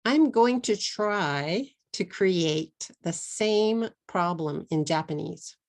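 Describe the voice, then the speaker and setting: A middle-aged woman from Texas with a Texan accent, teaching an online English lesson in a slow, deliberate way and slipping into Japanese at times. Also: on the low side, expressive. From Texas, USA.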